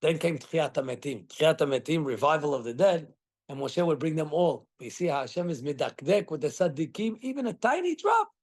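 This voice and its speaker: Middle-aged rabbi, higher-pitched man, teaching a class, acts out quotes. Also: a little fast. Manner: animated storytelling with acted quotes. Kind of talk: Torah class.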